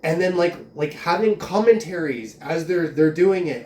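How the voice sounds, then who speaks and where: A man's voice: on the high side, expressive, moderate pace, a little mellow. A man in a profane, agitated, rambling rant, filling his talk with "like". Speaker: vlogger. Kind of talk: ranting monologue. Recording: roomy, distant from mic, faint ambience.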